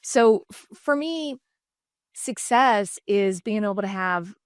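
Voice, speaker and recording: A woman's voice: mid-range voice, slow pace, no room sound. Middle-aged woman, podcast guest, candid storyteller, dry close sound. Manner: animated, acts out quoted dialogue in shifting voices. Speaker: podcast guest, designer and entrepreneur.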